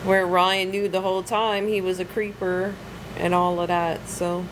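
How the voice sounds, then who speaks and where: A woman's voice: fairly low pitch, little pitch movement, unhurried, rough recording. Woman chatting on her live, rambly with lots of ums, bit of hum in the back. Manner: rambling, with filler words. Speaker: livestream host. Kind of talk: casual livestream chat.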